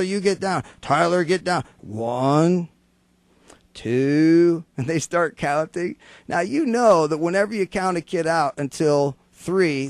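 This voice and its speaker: A man with a slightly raised pitch talks straight into a studio mic with a dry, close sound. He hosts a motivational radio talk show. He tells everyday stories and acts out the voices of the people in them for laughs. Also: dry recording. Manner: storytelling, acts out quoted voices for humor.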